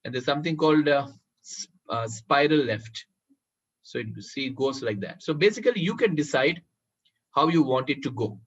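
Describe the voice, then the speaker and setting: Man, workshop trainer, walking through a presentation program on screen, somewhat high voice, husky, muffled lo-fi sound. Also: animated, moderate pace. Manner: addresses listeners as friends, checks if they can see. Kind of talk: live software tutorial. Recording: muffled lo-fi recording.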